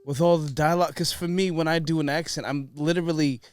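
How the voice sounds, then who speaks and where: A man's voice: fairly high pitch, steady tone, quick pace, clear, resonant tone, no room sound. A man co-hosting a podcast who asks curious, thoughtful questions in a casual chat. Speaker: podcast co-host.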